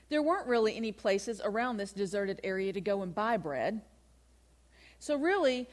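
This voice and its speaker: A woman's voice: fairly high pitch, darkish tone. A woman giving a conversational Bible teaching, talking through the passage and asking her listeners rhetorical questions. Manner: chatty, asks rhetorical questions.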